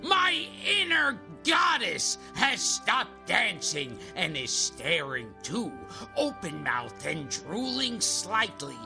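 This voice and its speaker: A high, gravelly, grating man's voice reads erotic prose in a slow deadpan. His pitch swoops widely. A clear music bed runs behind him. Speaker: audiobook reader in an ad. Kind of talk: deadpan erotic novel reading.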